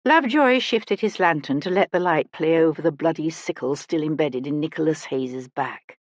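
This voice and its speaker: A woman narrating a historical mystery audiobook in an expressive storytelling manner, close to the mic. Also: sits low, moderate pace, few pauses, no room sound.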